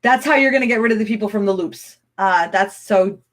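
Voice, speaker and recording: Excitable chatty woman coaching live. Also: mid-range voice, brisk. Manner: excitable, chatty, rambling with restarts. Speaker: online business coach. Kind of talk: live-streamed training answering viewer comments.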